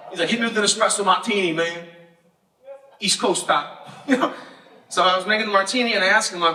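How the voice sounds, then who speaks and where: On a comedy festival stage before a live crowd, a young man delivers a stand-up set full of punchy, sarcastic stories and works the audience. His voice sits high, moves quickly, and sounds bright and forceful. The recording is noisy, with an echoey live room and a distant mic.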